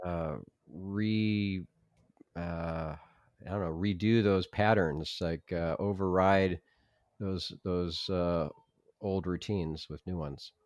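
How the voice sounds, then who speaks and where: Male host, deep voice, dry close mic, halting questions. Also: fairly even intonation, a little mellow, no room sound. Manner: hesitant, searching for words with many fillers. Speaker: podcast host. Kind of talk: interview questions.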